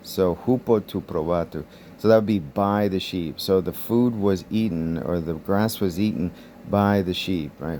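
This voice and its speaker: A man teaching Koine Greek in a casual, explanatory way. He thinks aloud, pauses to recall words and chuckles lightly as he goes. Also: sits low, mellow, slight background noise.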